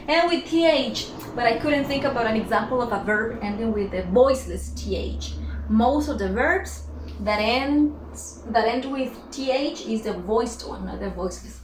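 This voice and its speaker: Slow, drilling woman English teacher. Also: a little high, expressive, slight background noise. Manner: drills sounds slowly and repeats words. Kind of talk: pronunciation lesson. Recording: echoey room, faint ambience.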